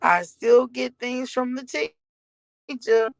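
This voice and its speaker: A woman's voice: fairly high pitch, takes it slowly, creaky, no echo, low-quality recording. A woman in her forties, a mother talking candidly to her viewers in a blunt, rambling way and swearing freely. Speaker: mother telling her story. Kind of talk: candid direct-to-camera talk.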